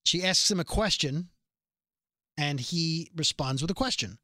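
A man's voice: fairly high pitch, a little slow, pushed and bright, no echo. Man, casual podcast co-host, plot recap with jokey asides, dry close sound. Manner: reads plot summary aloud, jokey asides. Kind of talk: casual chat.

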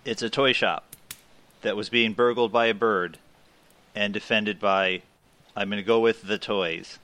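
A man's voice: fairly low pitch, fairly even intonation, unhurried, bright, forceful tone. A man playing a tabletop game, speaking in a matter-of-fact way. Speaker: player.

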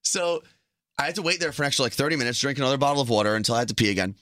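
A man's voice: mid-range voice, animated, very fast, bright, forceful tone, no room sound, studio quality. A young man co-hosting a casual podcast, telling stories and teasing his co-host. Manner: joking, storytelling, teasing. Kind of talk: casual chat.

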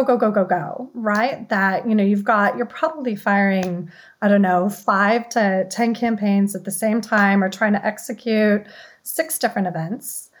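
A woman speaks as a podcast guest at a middle pitch. She explains her points fluently and often checks in with "right?" and "you know". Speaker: guest, communications head. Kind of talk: conversational interview.

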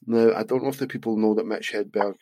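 A man's voice: lowish voice, steady tone, fast, mellow, no room sound. A Scottish man co-hosting a podcast, casually reading out jokes and chuckling often. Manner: jokey, reads listener jokes, chuckles often. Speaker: podcast co-host. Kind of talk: casual chat.

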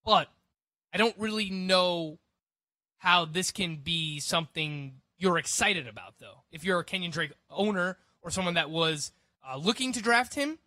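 Bright high-voiced sports radio analyst. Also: male voice, expressive, no echo. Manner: quick, chatty analysis with restarts and laughs. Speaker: fantasy sports radio co-host.

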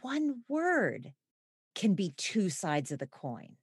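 A woman speaking in an expressive, reflective way in a conversational podcast. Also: mid-range voice, slow pace, breathy edge, no room sound, clean studio sound.

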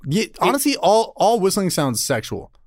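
A man's voice: high voice, sing-song, normal speed, background noise. A man co-hosting a comedy podcast, riffing on jokes in casual banter and doing mock voices. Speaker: podcast co-host.

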